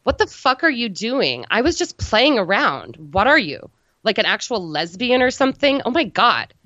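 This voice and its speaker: A woman voicing a bratty popular teenage cheerleader who talks in a shrill, scornful valley-girl drawl. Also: sing-song, measured pace, husky, no echo, heavily acted. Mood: outraged. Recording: dull, dry lo-fi recording.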